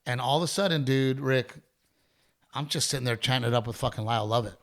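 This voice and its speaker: A man's voice: medium pitch, fast talker. A middle-aged man hosting a podcast, telling a story in a casual, rambling way, swearing freely and restarting his sentences often. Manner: profane, rambling, animated storyteller with many restarts. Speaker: podcast host.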